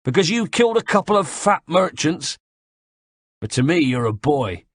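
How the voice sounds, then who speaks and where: Gruff taunting West Country soldier-fixer, raised and raspy , voiced by a man. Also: a little high, sing-song, normal speed, dry recording, clean studio sound, voice pushed up. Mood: sneering. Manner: sneering, taunting. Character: gruff middle-aged male soldier-fixer, sneering, wheezing. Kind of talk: audiobook character voice.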